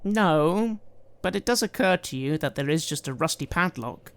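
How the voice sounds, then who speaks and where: A man narrating a tabletop game as game master, calm and descriptive. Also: a little high, normal speed, clear, resonant tone. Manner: calm, descriptive, softening for emotional moments.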